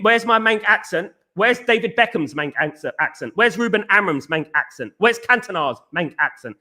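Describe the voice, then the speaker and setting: A man's voice: sits high, bright, forceful tone. A young English man hosting a fan livestream, arguing heatedly with chat commenters and calling them mate. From England. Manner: heated, argues with chatters, calls them mate. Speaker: fan channel host reading live chat. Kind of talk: livestream fan talk show.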